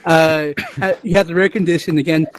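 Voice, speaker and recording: A man's voice: a little high, steady tone, fairly quick. A man hosting a casual talk show, introducing a comic news segment in an easygoing way. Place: virtual reality social app.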